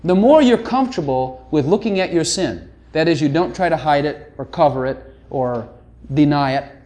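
Middle-aged guy preaching, chatty and teasing, voice sits a bit high. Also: animated, moderate pace, darkish tone. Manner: conversational, teasing, keeps asking "hello". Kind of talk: sermon.

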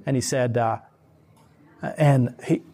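A man's voice: mid-range voice, slow pace. A man hosting a casual chat, telling stories in an emphatic, rambling way. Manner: emphatic, rambling, animated storyteller.

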